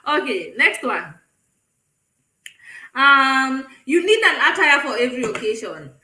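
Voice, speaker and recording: A Kenyan woman chats casually on a live stream in a high, bright voice. She talks animatedly, laughs often and mixes Swahili phrases into her English. The sound is echoey, as if from a bare room.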